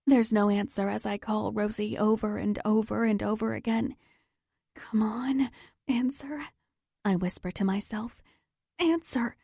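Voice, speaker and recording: A woman's voice: medium pitch, vocal fry, darkish tone, dry recording, studio quality. A woman narrating a first-person romance audiobook in a tense, dramatic manner.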